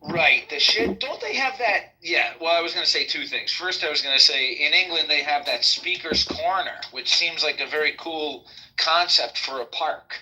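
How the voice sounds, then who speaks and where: A man's voice: on the high side, moderate pace, noisy background. A man hosting an audio chat room, talking loosely and informally and calling people bro. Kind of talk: casual chat.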